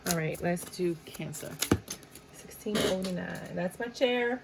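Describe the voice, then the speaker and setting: A woman's voice: lowish voice, slow pace, creaky, background noise. A woman giving a casual tarot reading in a chatty way, often laughing and acting out little quotes. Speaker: tarot reader.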